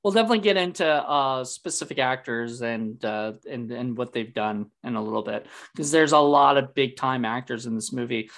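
A man's voice: medium pitch, normal speed, vocal fry, few pauses, a bit bright. A man hosting a casual movie discussion, rambling with many fillers and restarts. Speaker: podcast host.

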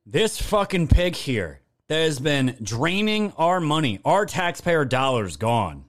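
A man's voice: a little high, very animated, slow pace, hardly any pauses. A man doing angry, profane, sarcastic video commentary as a political commentator.

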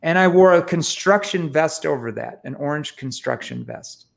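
A man as an interview guest, telling lively, self-mocking sales stories with frequent restarts. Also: fairly high pitch, normal speed, vocal fry. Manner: animated, self-mocking anecdotes with many restarts. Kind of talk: storytelling in a casual interview.

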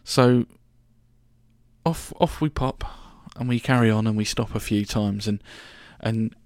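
A man's voice: fairly low pitch, measured pace, a little mellow, no echo, studio quality. A young man telling a rambling, sweary story about his travels as a podcast host. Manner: chatty, rambling, sweary, full of restarts. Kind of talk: casual storytelling monologue.

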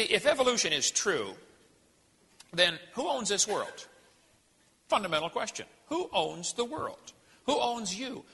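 A man delivers a sermon-style talk in a somewhat high, husky voice that swings widely in pitch. He is folksy and emphatic, slipping in jokes. The sound rings out with the long reverb of a large hall. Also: bright, forceful tone. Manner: folksy, emphatic, jokey preaching. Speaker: creationist speaker.

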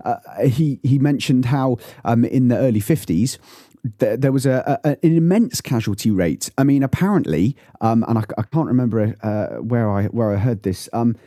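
A man's voice: medium pitch, normal speed, mellow, no room sound, clean studio sound. A man on a podcast panel who talks earnestly, stumbling over his words and restarting often. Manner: hesitant, many restarts, earnest. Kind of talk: casual discussion.

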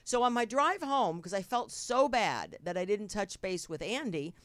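A woman's voice: mid-range voice, expressive, moderate pace, fairly bright tone, no room sound. A middle-aged woman from New Jersey with a New Jersey accent, hosting a talk show in a brash, rambling, swearing style. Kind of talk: casual chat.

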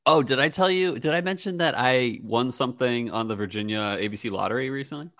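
A man's voice: mid-range voice, quick pace, a bit bright, no echo, studio quality. A man in his thirties co-hosting a podcast, chatting casually and joking with lots of fillers. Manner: laid-back, joking, many fillers. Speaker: podcast co-host. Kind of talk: casual chat.

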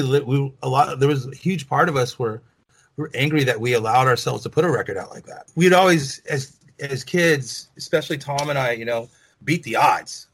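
Husky middle-aged man, swearing. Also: medium pitch, rough recording. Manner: profane, rambling, many "you know" fillers. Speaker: rock band lead singer, guest. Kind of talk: casual interview storytelling.

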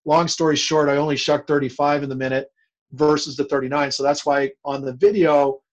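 A man as a guest in an interview, telling a long story in a rambling, animated way with many restarts. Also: a little high, a little fast, highs cut off.

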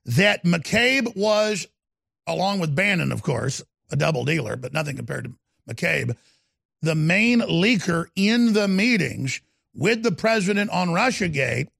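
A male radio talk show host delivering a fiery political monologue, ranting emphatically and swinging from low growls to sudden loud outbursts. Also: very animated, unhurried, vocal fry, no room sound, studio quality.

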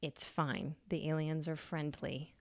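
A woman doing a soothing calm Libra. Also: sits low, unhurried, dry recording, studio quality. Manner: soothing, reassuring.

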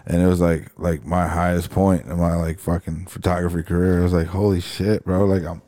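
A man hosting a casual podcast chat, relaxed and slangy, asking questions and sharing his own stories. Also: sits low, fairly quick. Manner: relaxed, short reactions, slangy. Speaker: podcast host.

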